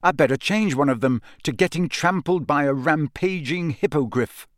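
A man's voice: on the high side, normal speed, dry recording, clean studio sound, natural voice. A man voicing a sarcastic, blunt teenage schoolboy in an audiobook. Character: lanky, sardonic teenage schoolboy, easily exasperated. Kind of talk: audiobook character voice.

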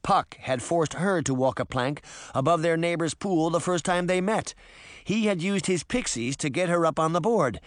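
A man narrating an audiobook in an expressive, dramatic manner. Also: on the high side, moderate pace, no room sound, studio quality. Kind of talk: scripted narration.

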